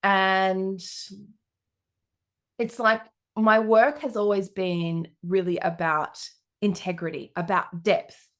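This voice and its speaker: A middle-aged woman, a coach telling stories on her podcast with lively, animated delivery. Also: slow pace. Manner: lively, animated storytelling with big pitch jumps. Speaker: business coach. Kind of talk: storytelling podcast monologue.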